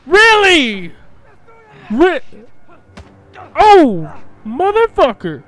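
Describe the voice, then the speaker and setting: A man playing a video game and reacting loudly, swearing, yelling and laughing at what happens on screen. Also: extremely high pitch, sing-song, slow, pauses often. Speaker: gaming commentator. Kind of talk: let's play commentary.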